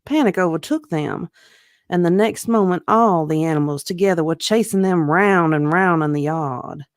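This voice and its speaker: Expressive reader narrating a novel aloud. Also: medium pitch, normal speed, clean tone, no room sound, clean studio sound. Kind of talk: reading a novel aloud with banter.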